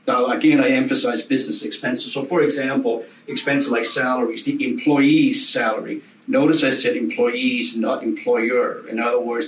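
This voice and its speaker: Man lecturing from across an echoey room. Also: mid-range voice. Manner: repeats and stresses key words, many fillers. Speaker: insurance instructor. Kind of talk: recorded lecture. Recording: roomy, from a distance.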